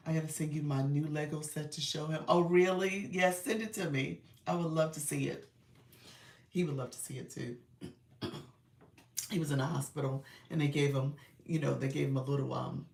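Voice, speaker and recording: A middle-aged woman hosting a casual live stream, congested and clearing her throat, chatting and laughing with her viewers. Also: low voice, darkish tone, reverberant, recorded from a distance. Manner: chatty, laughs often, addresses viewers as y'all. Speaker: live stream host and creator coach.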